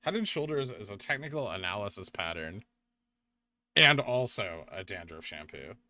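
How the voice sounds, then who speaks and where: A young man hosting a casual livestream, chatting with viewers, reading out donations and making quick asides. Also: fairly low pitch, big pitch swings, pushed and bright. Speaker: livestream host.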